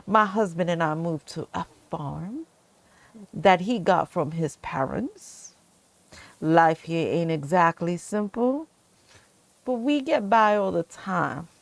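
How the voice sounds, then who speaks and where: A woman's voice: lowish voice, creaky, no echo, exaggerated voice. A woman reading game lines as a guarded 38-year-old Southern housewife in an attempted Southern accent, drawling and curt. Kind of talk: reading game dialogue aloud.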